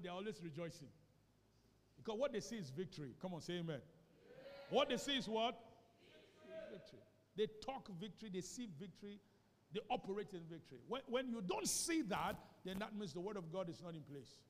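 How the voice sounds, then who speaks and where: A man's voice: high voice, sing-song, fairly quick, long reverb tail. A Nigerian-accented male pastor preaching a sermon with emphatic repetition and call-and-response questions to the congregation. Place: church sanctuary.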